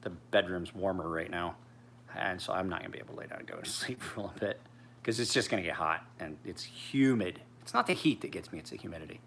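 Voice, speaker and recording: A tired man in his forties who rambles in a laid-back, profane way. His voice is bright and sharp, and he speaks as a knife sharpener chatting casually with viewers. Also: sits low, sing-song, fast, vocal fry, slight background noise. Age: 40s.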